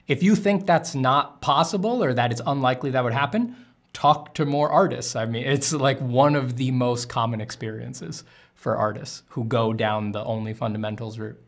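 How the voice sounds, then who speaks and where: A man's voice: medium pitch, moderate pace. A man, an artist streaming while drawing, answering chat questions in a candid, rambling way with casual swearing.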